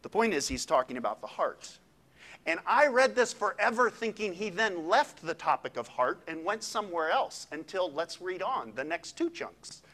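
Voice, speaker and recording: A man, a pastor, preaching a sermon in a conversational, animated way with quick asides. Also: high-pitched.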